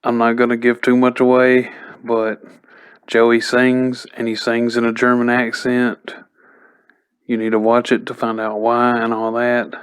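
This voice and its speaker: A man reviews a TV episode in a relaxed, chatty recap, stringing it together with fillers. His voice is smooth and clean. He keeps a level, flat delivery that rarely rises or falls. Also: medium pitch, a little slow. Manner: chatty, loose retelling full of "like" and "you know". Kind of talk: casual spoken recap.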